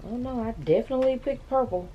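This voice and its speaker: A woman's voice: fairly high pitch, fast talker, highs cut off, noisy background. A woman, chatting bluntly and casually to her viewers in a vlog, with laughing asides. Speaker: vlogger.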